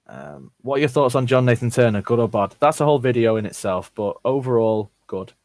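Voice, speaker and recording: A man's voice: medium pitch, no echo. A young man reading out viewer questions and giving blunt, sweary verdicts in a casual Q&A. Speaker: YouTuber answering viewer questions.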